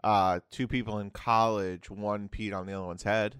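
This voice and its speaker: A man's voice: lowish voice, little pitch movement, moderate pace, fairly bright tone, smooth, no echo. Rambling young man telling a story. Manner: rambling, self-interrupting storyteller. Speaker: podcast co-host. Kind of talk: casual storytelling chat.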